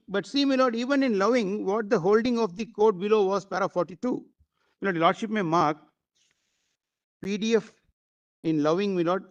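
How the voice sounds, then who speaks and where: A man arguing a case before judges in a courtroom, formal and deferential, often pausing with fillers. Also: sits high, lo-fi sound. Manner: formal, constantly addressing the bench, hesitant fillers. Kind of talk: courtroom legal argument.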